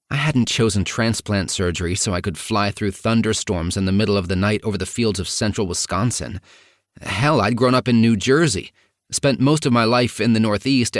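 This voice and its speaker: A man narrating a first-person memoir audiobook in a measured, even reading. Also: fairly low pitch, no room sound, studio quality.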